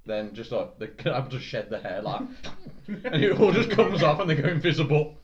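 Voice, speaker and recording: Deadpan young man in rowdy banter. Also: a little high, normal speed, highs cut off, a crowd in the background. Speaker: podcast co-host. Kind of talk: casual group banter.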